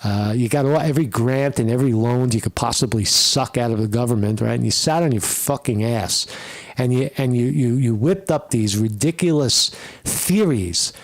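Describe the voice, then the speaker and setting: Male host, US-born, gravelly, combative profane rant, constantly asks his audience to agree; dry booth. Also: mid-range voice, moderate pace, no room sound. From United States. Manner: profane, combative, repeats "right?" tags. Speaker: commentary show host. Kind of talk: ranting political commentary.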